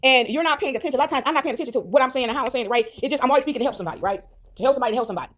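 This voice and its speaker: A woman vlogger telling a story to her viewers in a casual, animated way, swearing freely and acting out the voices she quotes, with "right?" after almost every sentence. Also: high voice, rapid-fire.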